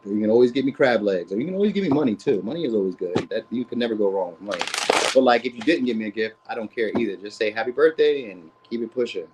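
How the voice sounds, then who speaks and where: Fast-talking man giving a casual tarot reading. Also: fairly low pitch, expressive, heavy background noise. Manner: rambling, slangy, keeps asking "you know what I mean?". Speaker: tarot reader.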